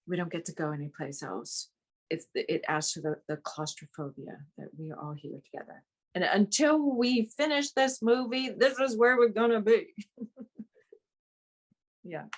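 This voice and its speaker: A woman's voice: mid-range voice, moderate pace. Chatty laughing woman from Vietnam. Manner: chatty, laughs often between phrases. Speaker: actress being interviewed. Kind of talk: casual interview chat.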